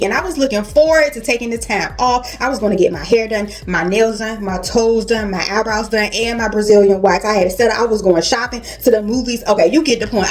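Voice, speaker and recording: Woman, casual storytime, slangy, animated, chatty, medium pitch. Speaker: vlogger telling a personal story.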